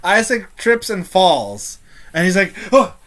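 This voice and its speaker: A game master narrating a tabletop role-playing game, talking slowly and haltingly, with many fillers. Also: medium pitch, a bit bright, clean tone.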